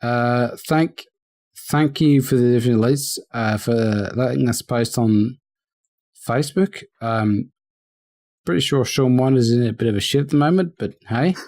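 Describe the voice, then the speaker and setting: On a casual gaming podcast, this male co-host rambles loosely, with lots of ums and restarts. His voice is medium in pitch, a little mellow, and moves at a normal speed.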